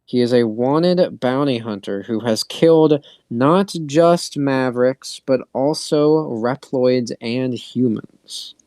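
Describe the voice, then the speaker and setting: A man runs a tabletop game at a slow, easy pace, pausing on fillers as he narrates. His voice is smooth and resonant, recorded dry and close. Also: medium pitch, a little mellow, no room sound. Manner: unhurried, hesitant with fillers. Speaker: game master.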